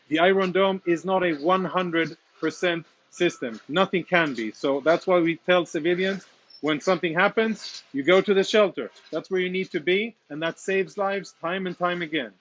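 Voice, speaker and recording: A man speaking as a military spokesman, reporting live and earnestly from inside a damaged apartment, audibly emotional with halting restarts. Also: high-pitched, a bit bright, highs cut off. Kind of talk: live walk-through report.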